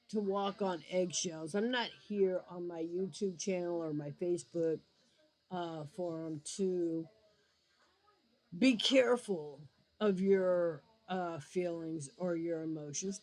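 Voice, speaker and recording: Woman vlogger, slow and deliberate delivery, blunt and emphatic, casual opinion piece. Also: fairly low pitch, rough recording. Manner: blunt and emphatic, with mocking asides. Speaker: YouTube vlogger and gamer. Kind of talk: frank opinion vlog.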